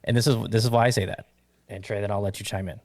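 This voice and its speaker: A man with a lowish voice hosts a casual golf chat, animated and playful as he builds up to his hot takes. The sound is dry and close. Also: quick pace, no echo. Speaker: podcast host.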